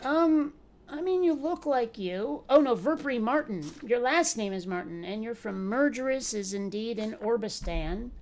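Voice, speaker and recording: A woman's voice: a little high, lively intonation, a little slow, darkish tone, a little hiss or hum. A woman giving casual let's play commentary, bantering sassily with the characters on screen. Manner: playful, sassy banter with game characters.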